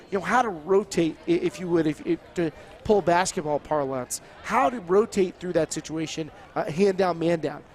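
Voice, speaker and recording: High-voiced analytical male commentator. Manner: analytical, breaks plays down step by step; wordy, with frequent restarts and fillers. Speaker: color commentator. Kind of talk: sports color commentary.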